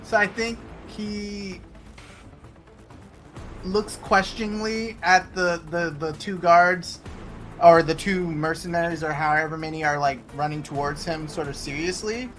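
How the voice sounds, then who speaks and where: A man's voice: on the high side, steady tone, a little slow, fairly bright tone, faint music behind. A man playing a tabletop game, hesitantly describing what his character does. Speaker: player.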